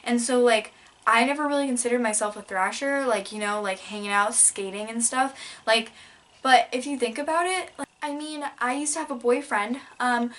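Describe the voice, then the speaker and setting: A young woman vlogging at home, rambling through her haul with a deadpan tone and lots of "like" and "um". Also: fairly high pitch, moderate pace. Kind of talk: casual haul vlog, rambling story time. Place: indoors at home in front of a backdrop.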